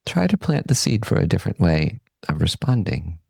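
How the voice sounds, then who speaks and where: A man hosting a podcast, giving a calm, unhurried, reflective Buddhist teaching talk that trails off softly at the ends of phrases. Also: sits low, creaky, husky, no room sound. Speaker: podcast host and meditation teacher.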